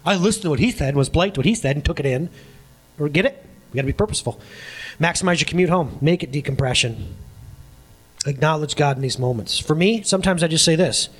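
A middle-aged male pastor delivers a sermon in a fairly high voice. His pitch swings widely as he talks in an animated way. He laughs easily and slips into the voices of the people he quotes. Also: fast, slightly rough.

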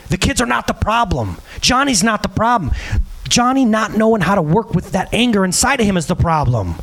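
Animated, earnest man preaching. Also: high voice, brisk. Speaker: pastor. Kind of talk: sermon.

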